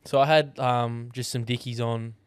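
A young Australian man co-hosting a podcast, telling animated stories full of swearing in casual chat. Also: mid-range voice, moderate pace, clean tone, no echo. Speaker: podcast co-host.

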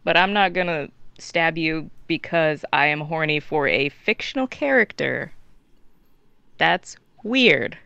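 Smooth, dry-sounding male co-host. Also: a little high, animated, slow, bright, forceful tone, no room sound, muffled recording. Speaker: podcast co-host. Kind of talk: casual chat.

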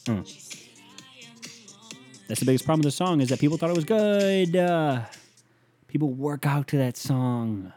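A young man ranting comically, crude and rambling, swearing often with loud bursts. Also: on the high side, animated, normal speed, long pauses, soft background music. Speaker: comedian. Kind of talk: profane comic rant.

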